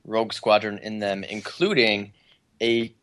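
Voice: medium pitch, fairly even intonation, unhurried, fairly bright tone. A podcast co-host reading out listener messages in a playful, casual way. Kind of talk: casual group chat.

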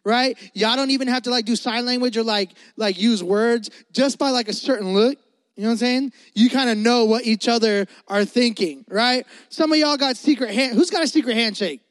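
A man's voice: extremely high pitch, moderate pace, dry recording. A young adult man preaching a casual sermon, chatty and full of fillers, often turning to the crowd with asides. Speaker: pastor.

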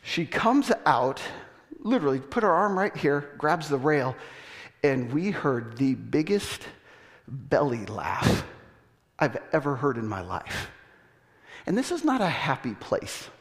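A male pastor telling a story in a sermon, acting out voices with laughter and animated delivery. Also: mid-range voice, slow. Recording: long hall reverb.

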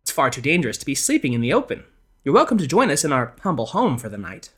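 A man voicing a coy young female ghost, the lady of a haunted tomb, in a higher, lilting put-on voice. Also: huge pitch swings, quick pace, fairly bright tone, husky, heavily acted. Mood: insistent.

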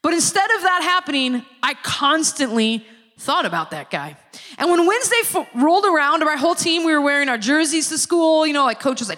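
A woman giving a sermon-style personal testimony, a lively storyteller who acts out the people she quotes. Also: sits high, brisk. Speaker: speaker giving a church testimony. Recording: long reverb of a large hall.

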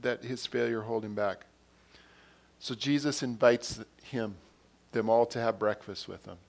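A man delivering a sermon at a middle pitch, talking it through in a conversational way. He retells scenes by acting out bits of dialogue and often doubles back on his words as he goes. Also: creaky. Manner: repeats and restarts words. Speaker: pastor.

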